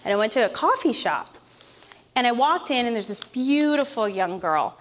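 A woman in her thirties gives a personal faith testimony to a group of women. Her voice sits a little high and she tells her story in a heartfelt, candid way. A faint hiss runs under the recording. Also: animated, moderate pace. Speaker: Christian speaker sharing testimony.

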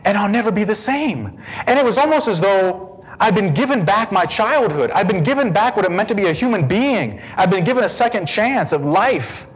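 A man's voice: high-pitched, normal speed, in a large hall, low-quality recording. Man telling an emotional testimony. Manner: emotional storytelling, swings from hushed to excited. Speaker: speaker giving testimony. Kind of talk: personal testimony.

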